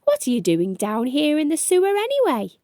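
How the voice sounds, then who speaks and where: A teasing male leprechaun from a children's storybook, put on by a woman reading aloud. His voice sits high and sounds a little odd in tone. He speaks with amused mischief. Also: huge pitch swings, fairly quick, mellow, no echo, studio quality, exaggerated voice. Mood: curious.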